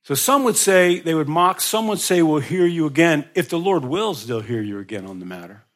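Guy preaching a sermon, kinda high voice, gets loud and emphatic, repeats himself a lot. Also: big pitch swings, brisk. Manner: emphatic, rising in pitch and volume for emphasis; repeats words and restarts phrases. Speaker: pastor.

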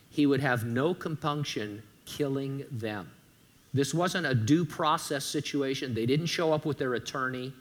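A man preaching in a relaxed, conversational way, slipping in joking asides between points. His voice sits at an ordinary middle pitch, and he sometimes stumbles and repeats a word before going on. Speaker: pastor. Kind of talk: sermon.

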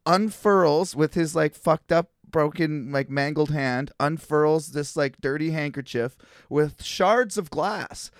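A man's voice: fairly high pitch, slow pace, clear, resonant tone, no room sound, studio quality. A young man telling a wild story in casual chat, rambling, laughing and swearing freely.

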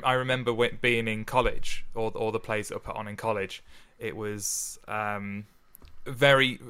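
A man, co-hosting a podcast in casual, animated chat. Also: lowish voice. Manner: chatty, animated, laughs often. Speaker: podcast co-host.

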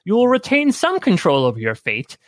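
A man reading the part of a grave old temple monk, speaking slowly and solemnly. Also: high voice, huge pitch swings, no room sound, clean studio sound. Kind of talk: reading a story aloud with friends.

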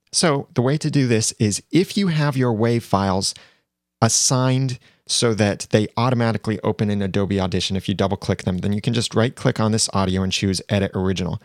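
Low-voiced man explaining editing steps. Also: no echo, clean studio sound. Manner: plain, step-by-step explaining. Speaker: video editing tutor. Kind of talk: screen-recorded software tutorial. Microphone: lavalier mic.

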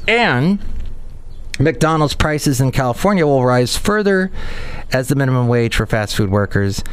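A man's voice: mid-range voice, lively intonation, unhurried, smooth. A middle-aged man hosting a casual podcast, chatting wryly about the news. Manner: wry, chatty commentary on news. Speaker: podcast host. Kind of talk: casual solo podcast talk.

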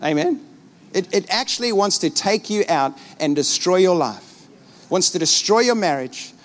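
A middle-aged man preaching as a pastor, animated and acting out little scenes. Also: sits high, moderate pace. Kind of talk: sermon.

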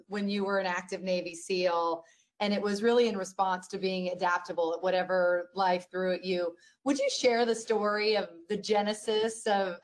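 Female podcast host, mid pitch, conversational interviewer. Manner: conversational, inviting questions. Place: podcast studio at a live event.

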